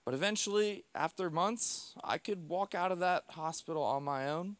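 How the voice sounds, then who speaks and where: A man giving a personal storytelling talk on stage to a live audience, speaking in a heartfelt way in short, halting phrases. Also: high-pitched, fairly bright tone, no echo.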